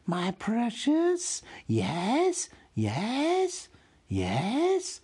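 A man voicing a small, sly, desperate creature that hisses, wheedles and shrieks in a high, strained voice, reading from a storybook. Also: gravelly, husky, exaggerated voice. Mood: wheedling. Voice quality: hissing, shrill.

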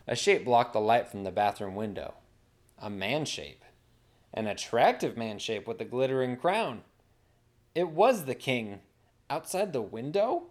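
A man's voice: medium pitch, very animated, a little slow. A man narrating a comic fantasy story in a wry, dramatic storytelling manner.

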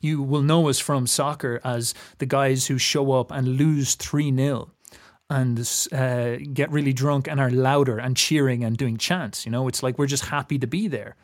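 A man's voice: mid-range voice, fairly even intonation, moderate pace. A young man from Ireland with an Irish accent, talking casually and earnestly in a reflective, philosophical way, often restarting his sentences.

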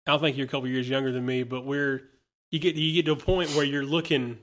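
A man's voice: mid-range voice, level tone, quick pace, fairly bright tone, slight background noise. A man in his forties hosting a podcast, chatting casually with dry, teasing remarks. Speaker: podcast host. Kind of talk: casual chat.

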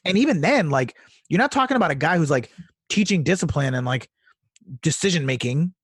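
A man co-hosting a podcast in casual chat, excitable and animated, swearing freely. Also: fairly high pitch, brisk, husky, no echo, clean studio sound. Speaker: podcast co-host.

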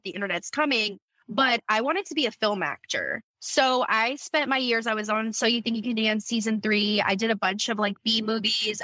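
A woman's voice: medium pitch, pushed and bright, no room sound, rough recording. A woman in her thirties from Louisiana, a guest on a podcast, telling her life story in a candid, emotional way. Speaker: podcast guest, company founder. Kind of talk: personal storytelling in an interview.

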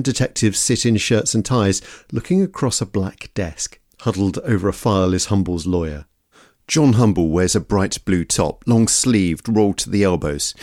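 A man giving measured, scripted documentary narration, describing scenes in detail. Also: fairly low pitch, a little mellow, no room sound, studio quality.

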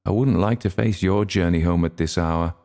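A man's voice: low-pitched, moderate pace, a little mellow. A man reading a story voices a cheerful young woman with a light, teasing manner.

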